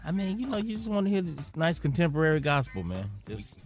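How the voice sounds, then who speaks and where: A man's voice: fairly high pitch, sing-song, fast talker, soft background music. A man co-hosting a radio morning show, telling exaggerated comic bits in casual banter. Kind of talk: comedic storytelling banter.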